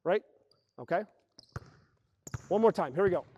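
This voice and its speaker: A man's voice: sits high, a little slow, husky, highs cut off. A man coaching a basketball team through plays on the court, explaining and calling out actions with energy. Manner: energetic, calls out plays and acts out players' voices. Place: indoor basketball gym.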